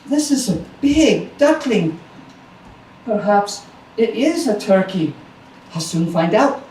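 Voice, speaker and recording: Guy putting on a high fluttery mama duck, bossy but loving, roomy sound. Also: very animated, takes it slowly, a little mellow, slight background noise, exaggerated voice. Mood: pleased. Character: fussy protective mother duck. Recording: roomy live recording from a distance.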